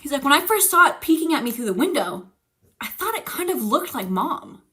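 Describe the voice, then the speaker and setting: A young woman streamer casually telling a ghost story, animated and swearing, acting out the quotes. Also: sits high, fairly quick.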